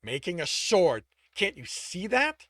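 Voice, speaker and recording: A man's voice: high-pitched, sing-song, slow, fairly bright tone, dry recording, clean studio sound, voice pushed up, exaggerated voice. A man voicing a stubborn, furious young male mage who snaps his words through clenched teeth. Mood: angry.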